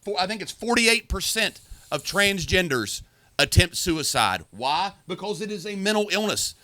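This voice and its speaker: Forceful bright-voiced profane man. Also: sits high, sing-song, normal speed, no echo. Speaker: podcast co-host. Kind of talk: heated casual talk.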